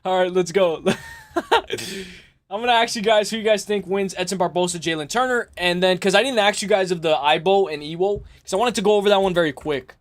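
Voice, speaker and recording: A man hosting a live stream, chatting casually and excitably with his viewers and laughing often. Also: sits high, fairly quick. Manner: excitable, laughs often, talks straight to chat. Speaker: livestream host.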